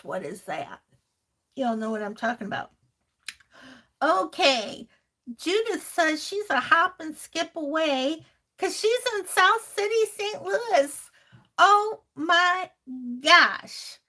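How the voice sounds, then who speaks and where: The voice sits high and sounds pushed and bright. It belongs to a crafting channel host chatting casually on her live stream, reading viewer comments, laughing often and affectionately calling viewers honey and sweetheart.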